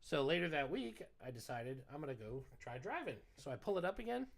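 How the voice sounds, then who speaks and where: Animated, exasperated man ranting on a podcast. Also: on the high side, a little fast, gravelly. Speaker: podcast co-host. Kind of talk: casual podcast storytelling.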